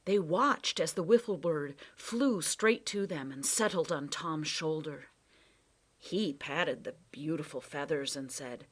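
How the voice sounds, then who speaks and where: A woman's voice: low voice, a little slow. A woman reading a children's adventure book aloud with dramatic storytelling. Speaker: reader.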